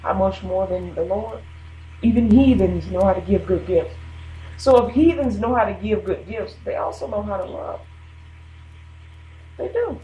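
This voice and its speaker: A woman's voice: medium pitch, lively intonation, moderate pace, pauses often, dark tone, echoey room, rough recording. A woman hosting a radio show, talking casually about faith and laughing between her points. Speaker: radio host.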